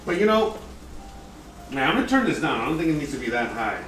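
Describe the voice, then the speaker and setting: A man's voice: medium pitch, big pitch swings, quick pace, fairly bright tone. A man, a former chef, hosting a casual live cooking stream from a kitchen, rambling and joking with lots of filler words. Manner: rambling, filler-heavy, jokey. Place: home kitchen. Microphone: distant from the mic. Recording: roomy, distant, noisy home recording.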